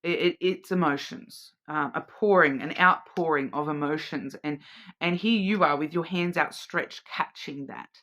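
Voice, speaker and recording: Here the card reader's voice is deep and a bit bright, moving at a normal speed. She leads a weekly oracle reading as host, reflecting aloud and repeating herself as she searches for meaning, with frequent direct "okay?" check-ins to the listener.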